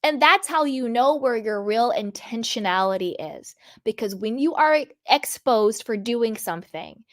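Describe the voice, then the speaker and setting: A woman hosting a reality TV commentary vlog, sassy and animated as she scolds. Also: fairly high pitch, unhurried, no room sound, clean studio sound. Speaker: commentary host.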